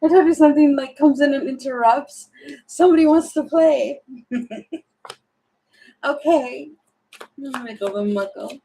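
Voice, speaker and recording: Young woman chatting thru a tarot reading, kinda high voice, giggly, rambles and thinks out loud. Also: fairly even intonation, unhurried, vocal fry, pauses often, rough recording. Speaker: tarot reader. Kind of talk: casual spontaneous tarot reading.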